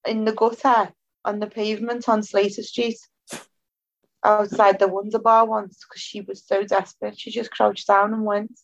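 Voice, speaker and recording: A woman's voice: mid-range voice, little pitch movement, normal speed, vocal fry, no room sound. A woman co-hosting a podcast over a remote call, cheeky and blunt, laughing often. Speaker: podcast co-host. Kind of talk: casual chat. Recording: dull remote call audio.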